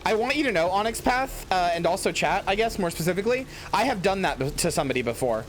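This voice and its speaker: A man's voice: sits high, lively intonation, quick pace, faint music behind. A man streaming a game in casual commentary, rambling with many fillers and swearing into a headset mic.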